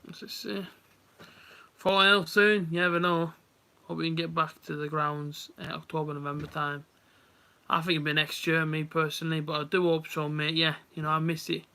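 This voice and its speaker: A man's voice: a little high, flat delivery, fairly quick, creaky, sharp tone. A young man chatting casually to viewers while he watches a match live and comments on it. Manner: chatty, rambling, talks straight to viewers. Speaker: live stream host.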